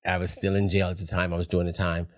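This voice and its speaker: A man's voice: low-pitched, flat delivery, fast. A middle-aged man, a podcast guest, talking candidly in a reflective, heartfelt way. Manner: reflective, heartfelt, soft-spoken at times.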